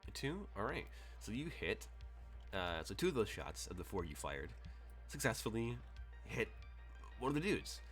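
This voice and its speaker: Low-voiced man running a tabletop game. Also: big pitch swings, moderate pace, fairly bright tone, soft background music. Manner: rambling, filler-heavy, chuckling. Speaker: game master.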